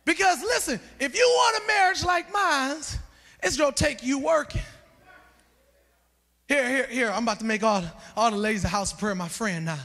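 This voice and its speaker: Male church elder, gravelly and bright, emphatic sermon delivery with humor, faint music underneath. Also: very high voice, animated, normal speed, in a large hall. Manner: emphatic, shouting preacher with joking asides. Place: church sanctuary.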